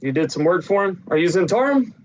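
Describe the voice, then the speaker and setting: A man voicing a loud, blustering, heavyset male official who talks crudely in a tabletop game. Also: high voice, sing-song, quick pace, low-quality recording. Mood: brash. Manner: gruff, crude, talks loudly.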